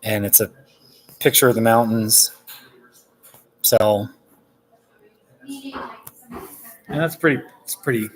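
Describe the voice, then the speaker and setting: A man's voice: mid-range voice, wildly swooping pitch, takes it slowly, pauses often, rough recording. A man chatting casually and rambling on a live stream from a coffee shop, chuckling often as he talks. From United States.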